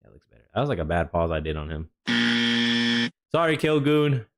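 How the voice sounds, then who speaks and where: A jet-lagged male streamer giving relaxed, rambling reaction commentary with chatty asides. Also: deep voice, fairly quick. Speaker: streamer reviewing a developer stream.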